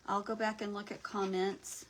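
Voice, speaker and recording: A woman's voice: medium pitch, level tone, moderate pace, a little hiss or hum, low-quality recording. A woman hosting a casual craft livestream, chatting and greeting viewers by name as she works, sometimes dropping to a near whisper.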